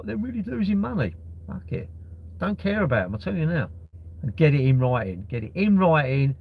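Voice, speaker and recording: A middle-aged man, rambling and swearing freely in casual live-stream chat. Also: on the high side. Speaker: livestreamer. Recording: dull, lo-fi live-stream audio.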